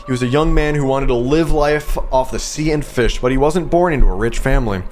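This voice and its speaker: A man's voice: medium pitch, a little fast, darkish tone, lightly acted. A man voicing a smug, scornful male sea creature, reading game dialogue aloud in a mocking, condescending way. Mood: storytelling.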